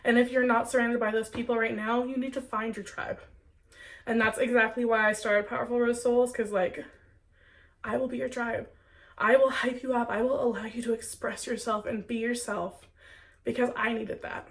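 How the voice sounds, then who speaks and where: Sitting far from the mic, a young woman with a cold speaks at a moderate pace in a fairly high pitch with little pitch movement. It's a spiritual Q&A vlog where this spiritual content creator chats heartfelt and earnest with her viewers, leaning heavily on "like."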